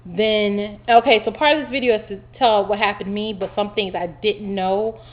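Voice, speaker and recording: A woman casually recounting her surgery day to the camera, chatty and animated, with lots of fillers. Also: medium pitch, moderate pace. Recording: dull lo-fi home video audio.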